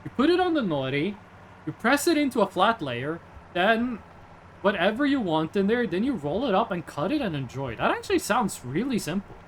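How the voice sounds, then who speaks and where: A man's voice: high voice, big pitch swings, fairly quick, slight background noise. A young man, streaming casually in a rambling, jokey way and answering chat. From Norway.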